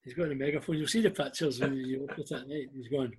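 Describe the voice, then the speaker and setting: Scottish man telling lively anecdotes. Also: medium pitch, fast, slight background noise. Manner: animated anecdotes, acting out quoted voices. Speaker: guest. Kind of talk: casual storytelling.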